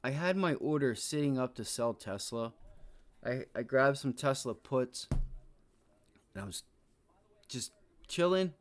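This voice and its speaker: A man streaming his live trading, frustrated and swearing heavily, with shouted outbursts and stretches of low muttering to himself. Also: animated, slow pace, pauses often. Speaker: day trading livestreamer.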